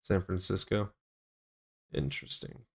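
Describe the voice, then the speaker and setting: A man's voice: low voice, unhurried, gravelly, a bit bright, breathy edge. A man hosting a livestream in a casual, provocative, crude way. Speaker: livestream host.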